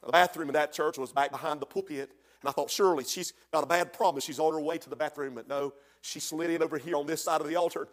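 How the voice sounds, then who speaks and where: An older man preaching a fiery revival sermon, telling stories softly and then building to shouted, chanted praise. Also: a little high, fairly even intonation, fast talker.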